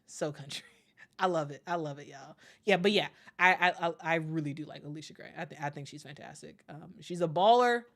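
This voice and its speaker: Chatty woman host with a lower voice. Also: a bit bright. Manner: chatty, lots of fillers and repeated words; friendly, upbeat when reading viewer messages. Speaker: live-stream host. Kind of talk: casual live-stream chat.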